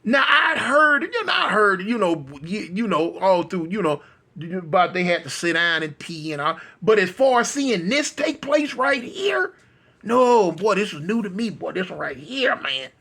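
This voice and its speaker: A man telling a story in a casual, rambling way, full of fillers and repeats, getting animated at times. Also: sits high, normal speed, gravelly.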